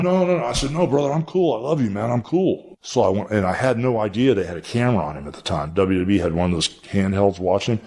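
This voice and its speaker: Older male guest, low-pitched, folksy rambling storyteller. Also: slightly rough. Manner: rambling, folksy, with many fillers. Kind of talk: storytelling in a podcast interview.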